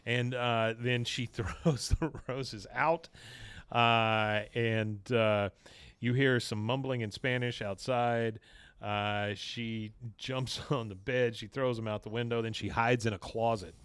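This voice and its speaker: A man's voice: mid-range voice, fairly even intonation, slow, a bit bright, clear, resonant tone, no echo. A man hosting a podcast, recapping a cartoon episode in a casual, rambling way with lots of fillers. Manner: rambling, with many filler uh's. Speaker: podcast host.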